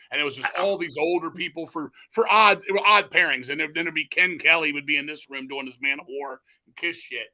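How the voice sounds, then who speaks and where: A man being interviewed, telling stories in a rambling, excitable, profane way, restarting his sentences often. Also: fairly high pitch. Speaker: interview guest, metal musician. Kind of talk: casual storytelling chat.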